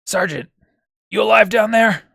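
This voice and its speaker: A man voicing a brave male rebel commander who barks orders and shouts defiance in a tabletop game. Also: sits high, normal speed, vocal fry, husky, no room sound, clean studio sound, voice pushed up, full character voice. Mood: urgent.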